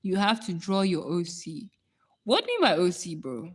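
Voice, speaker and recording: A woman's voice: fairly low pitch, sing-song, normal speed, breathy edge. A young woman hosting a casual live stream, chatting with viewers and laughing often. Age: young adult.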